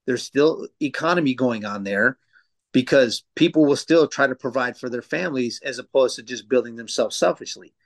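A medium-pitched man speaking at a moderate pace, in his thirties, appears as a tattoo artist guest on a podcast. He tells stories loosely in casual chat, swearing heavily and filling his speech with fillers.

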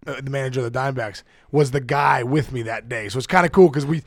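A middle-aged man, a podcast guest, telling a rambling, excitable story in casual chat and acting out the quotes with big jumps in his voice. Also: mid-range voice, fast. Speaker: podcast guest, former baseball player.

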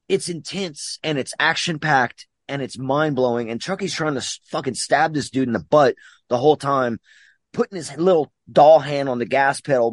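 Excitable, profane male podcast host. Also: medium pitch, dry recording, studio quality. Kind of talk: casual movie-recap chat.

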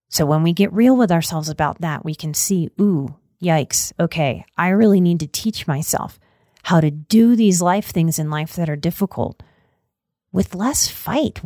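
Woman doing a self-help pep talk, kinda low voice, dry close sound. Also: a little mellow, no room sound. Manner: earnest, coaching, slips into slow affirmations. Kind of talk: motivational talk with affirmations.

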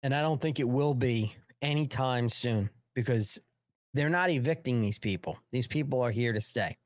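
A man's voice: mid-range voice, normal speed, no room sound, clean studio sound. A middle-aged man hosting a live political talk show, heated and blunt, swearing and repeating phrases to drive his point home. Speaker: host.

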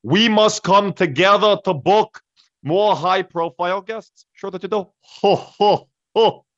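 A booming, fiery elderly politician, as a man does him, loud and pitched up, hammering every phrase. The recording is dry and a touch dull. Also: a little slow, no echo. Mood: rousing. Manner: loud, hectoring, declamatory. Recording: dry, slightly dull sound.

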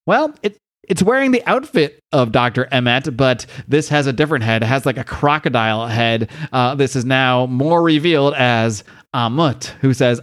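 A man's voice: mid-range voice, a little fast, clean tone. A man hosting a podcast, casually recapping a comic with rambling restarts, slipping into voices for the characters. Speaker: podcast host.

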